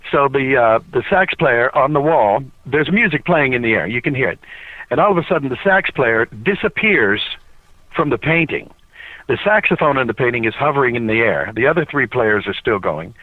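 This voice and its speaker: A man's voice: mid-range voice, normal speed, no echo. Male interview guest, chatty storyteller, thin phone-recorded sound. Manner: animated storytelling with many fillers and restarts. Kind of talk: casual anecdote. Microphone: cell phone. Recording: tinny cell phone recording, dry.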